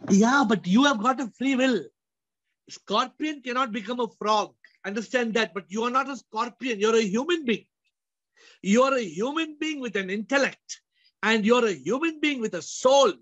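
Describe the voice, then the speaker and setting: A man's voice: very high-pitched, moderate pace, a bit bright, no echo, highs cut off. A man teaching spiritual ideas over a video call, emphatic and fond of telling stories, slipping into Hindi phrases.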